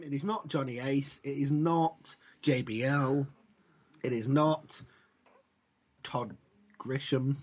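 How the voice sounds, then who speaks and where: A man with a husky voice co-hosts a wrestling podcast, chatting in a dry, wry tone full of asides. He sounds dull and lo-fi, like an ordinary home podcast recording. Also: a little high. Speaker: podcast co-host. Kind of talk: casual wrestling chat.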